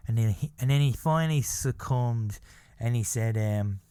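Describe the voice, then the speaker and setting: A man's voice: mid-range voice, mellow, clean tone, no echo. Rambling man telling a work story. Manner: rambling, halting, laughs at his own story. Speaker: podcast host. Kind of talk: casual storytelling monologue.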